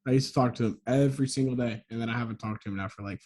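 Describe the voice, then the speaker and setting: A man's voice: medium pitch, fairly even intonation, racing, a little mellow. Casual male co-host, rambling storyteller who corrects himself mid-sentence. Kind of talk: casual chat.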